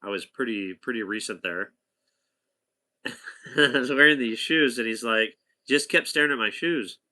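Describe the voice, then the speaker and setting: A man's voice: mid-range voice, normal speed, pushed and bright. A man casually telling a rambling anecdote to a companion, chatty, with asides and restarts. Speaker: storyteller talking to a companion.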